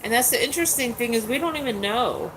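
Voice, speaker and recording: A woman's voice: on the high side, animated, quick pace. Woman in her 40s just chatting, candid and rambly, lots of likes and ums, noisy recording. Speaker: host. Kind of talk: casual chat. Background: dogs nearby.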